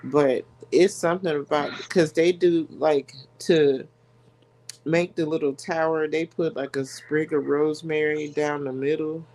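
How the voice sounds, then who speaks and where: A woman hosting a podcast, chatting casually and animatedly, laughing as she tells stories. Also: low-pitched. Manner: animated, laughs often, drawn-out storytelling. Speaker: podcast host. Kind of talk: casual chat.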